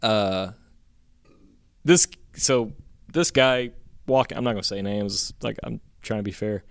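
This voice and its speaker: Telling a story on his podcast, this male co-host rambles in a loose, foul-mouthed way and livens up whenever he quotes someone. He speaks slowly in a smooth, resonant voice on the low side. The recording is close and dry, with no echo or room sound.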